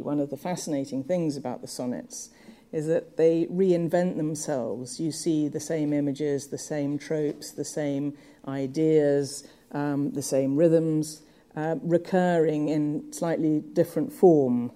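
A woman giving a measured, thoughtful lecture on poetry, with occasional fillers. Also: deep voice, dark tone. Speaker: literature lecturer.

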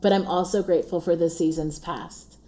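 A woman's voice: lowish voice, fairly even intonation, moderate pace, dark tone. A woman, hosting an earnest, encouraging faith-based monologue in a casual tone, often laughing and repeating her refrains. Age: 40s. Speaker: podcast host.

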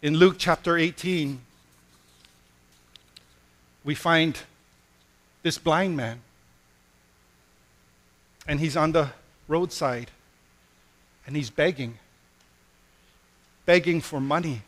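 A male pastor delivers a sermon at an unhurried, deliberate pace. His voice is bright and slightly high for a man. He tells his stories with drama and softens to a gentle hush for the lines that matter most. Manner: slow, gentle and hushed on key phrases.

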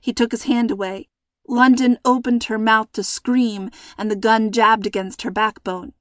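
A woman reading a scripted children's storybook in a measured, suspenseful manner, close to the mic. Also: fairly high pitch, fairly even intonation, dry recording. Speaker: narrator.

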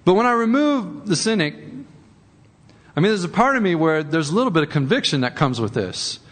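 A man's voice: on the high side, big pitch swings, moderate pace, fairly bright tone, long reverb tail. A man preaching a sermon in a conversational way, often repeating words and rising for emphasis. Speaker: pastor.

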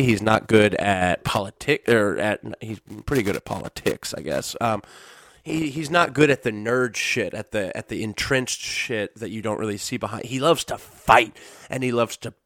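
A man's voice: on the low side, lively intonation, normal speed, fairly bright tone, no room sound, studio quality. Rambling sarcastic male podcast host. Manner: rambling, sarcastic, prone to silly outbursts. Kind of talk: casual solo commentary.

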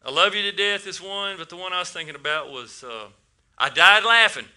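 A man's voice: high voice, expressive, quick pace, sharp tone, clear, resonant tone. A man preaching a casual sermon to a congregation, asking them questions and often repeating his words.

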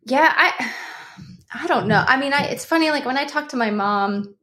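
Woman guest author, high voice, chatty and laughing, relaxed conversation. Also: moderate pace. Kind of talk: casual chat.

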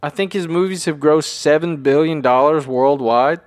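A man's voice: fairly high pitch, moderate pace, no echo. Rambling man with a dry close voice. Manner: rambling, self-deprecating, emphatic. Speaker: podcast host. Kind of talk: unscripted solo talk.

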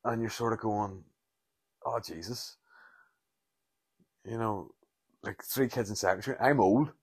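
Northern Irish man in his forties, very low voice, dry close sound, rambling solo podcast, sweary and self-deprecating. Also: brisk, slightly rough, no room sound. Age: 40s. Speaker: comedian podcast host.

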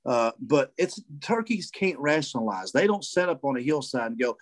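A man, a guest telling a hunting story in a casual, animated way and acting out voices and calls. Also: medium pitch, normal speed, hardly any pauses, dry recording. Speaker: guest turkey hunter.

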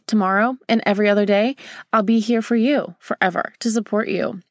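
A woman's voice: mid-range voice, steady tone, a little fast, dry recording. A young woman hosting a podcast, talking openly and emotionally to her listeners as if chatting with a close girlfriend. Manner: open, emotional, confiding, addresses listener as a girlfriend. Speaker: podcast host. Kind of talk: casual heartfelt podcast talk.

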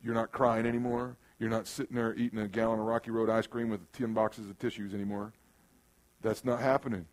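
A man preaching a sermon in a church room, who moves from loud bursts to quiet, earnest passages and acts out the voices he quotes. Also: on the low side, level tone, brisk. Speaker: pastor.

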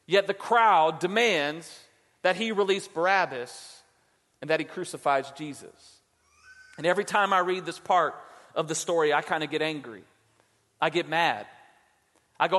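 A male pastor delivering a sermon, impassioned at times and dropping low and soft for emphasis. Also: moderate pace. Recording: church hall with long reverb.

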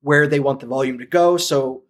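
A man from St. Louis telling his story as a podcast guest, animated and acting out the lines of people he quotes. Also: medium pitch, moderate pace. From St. Louis, USA. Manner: animated, acts out quoted dialogue. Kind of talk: casual storytelling.

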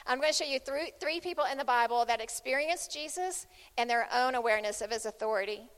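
A woman's voice: fairly high pitch, fast, fairly bright tone. A woman preaching a sermon, emphatic and repeating phrases as she builds intensity. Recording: long hall reverb.

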